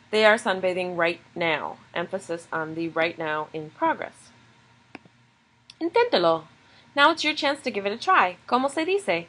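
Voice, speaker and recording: A woman's voice: medium pitch, animated, moderate pace, a bit bright, low-quality recording. A woman teaching a recorded video lesson, explaining grammar step by step in a patient way. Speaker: Spanish teacher.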